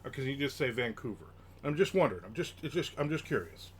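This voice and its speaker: A man's voice: mid-range voice, expressive, quick pace, a little hiss or hum. A man hosting a casual live stream, chatting and reading viewer comments aloud as he rambles from topic to topic. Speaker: livestream host.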